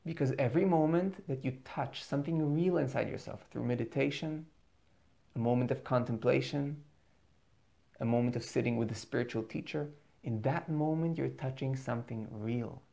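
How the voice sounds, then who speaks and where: A man's voice: medium pitch, moderate pace, gravelly, dark tone. A man giving an earnest motivational spiritual talk as a teacher, repeating words for emphasis.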